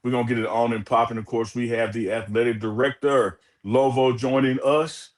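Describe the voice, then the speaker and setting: A man's voice: steady tone, normal speed. A man co-hosting a casual sports talk show, hyping things up with a playful, swinging delivery. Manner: hype, playful, big swings in pitch. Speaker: co-host.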